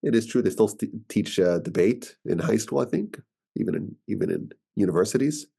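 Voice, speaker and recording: New york rabbi talking, lively ups and downs, keeps repeating himself. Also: male voice, lowish voice, a little fast, gravelly, husky. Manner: animated, argumentative, repeats words while thinking. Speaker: rabbi and teacher. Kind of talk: informal teaching talk.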